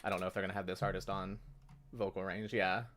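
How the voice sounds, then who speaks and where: A young man with a deep, slightly bright voice hosts a casual songwriting livestream, talking fast in a flat delivery. He rambles, corrects himself, and now and then breaks into a sung note. There's slight background noise.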